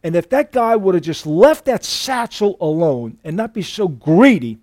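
A man's voice: high-pitched, big pitch swings, moderate pace, darkish tone, no echo, clean studio sound. A male pastor preaching a sermon, telling stories in a folksy, emphatic way.

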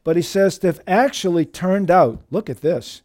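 A man preaching a sermon as pastor, emphatic and lively, often calling his listeners dear friends. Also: moderate pace. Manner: emphatic preaching with lively shifts in pitch and volume.

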